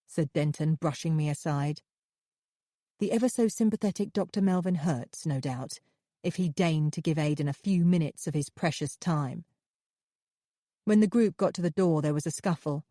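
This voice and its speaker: A woman narrating a thriller audiobook in the first person, with steady, measured storytelling. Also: sits low, no echo, studio quality.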